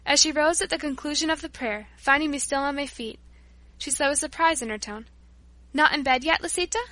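A woman reading a story aloud as scripted narration, with a steady, measured delivery. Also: high-pitched, no room sound.

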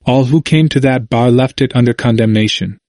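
A man reading a history book aloud as a narrator, in a measured, steady way. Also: medium pitch, dry recording, studio quality.

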